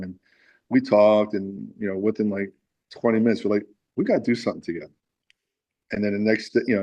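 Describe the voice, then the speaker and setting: A man's voice: lowish voice, darkish tone, low-quality recording. A man guest in a casual interview, telling a story with lots of fillers and acted-out quotes. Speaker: musician guest.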